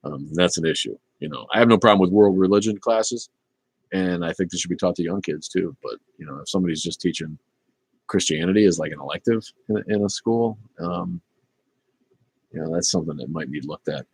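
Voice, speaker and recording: A man's voice: sits low, fairly quick, husky, no room sound. A man in his fifties hosting a casual livestream, chatting loosely with lots of fillers. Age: 50s. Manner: relaxed, rambling, with many fillers. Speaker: livestream host reading chat.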